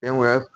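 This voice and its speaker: A man with a mid-range voice drills Qur'an pronunciation at a classroom board, captured with no echo but the highs cut off. Each letter sound gets repeated aloud several times at a slow pace, and he often asks himself "what?" rhetorically before supplying the answer.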